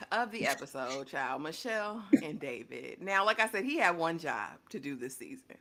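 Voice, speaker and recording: A woman's voice: low-pitched, very animated, unhurried, bright, forceful tone. A woman co-hosting a casual reality TV recap, telling the story with sassy asides and playful quotes. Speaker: podcast co-host.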